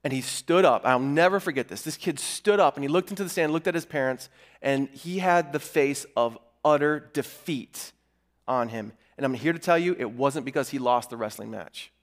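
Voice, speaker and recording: A middle-aged man preaching a sermon as pastor, earnest and conversational, telling stories with lively asides. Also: mid-range voice, normal speed.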